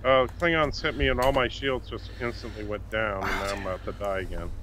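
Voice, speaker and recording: A man's voice: on the low side, steady tone, brisk, noisy background. A man co-hosting a game stream, talking casually in a hesitant way with dry remarks. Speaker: co-host. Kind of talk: casual chat while gaming.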